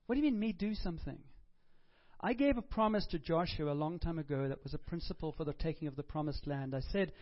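A middle-aged man with a high voice preaches a sermon in a relaxed, chatty manner, slipping in jokes. The recording sounds dull and lo-fi. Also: brisk. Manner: chatty, joking, conversational preaching. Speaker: pastor.

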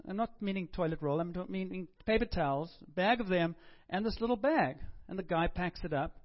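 High-voiced man preaching conversationally. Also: a little fast, lo-fi sound. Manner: chatty, joking, conversational preaching. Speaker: pastor. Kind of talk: sermon.

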